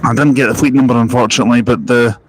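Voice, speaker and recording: A man's voice: mid-range voice, steady tone, very fast, background noise. A Scottish man chatting casually on an outdoor live stream while walking, reading viewer comments aloud, rambling with self-deprecating asides, on a small wireless mic. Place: outdoors at a bus park-and-ride, walking. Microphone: small wireless mic on phone stream.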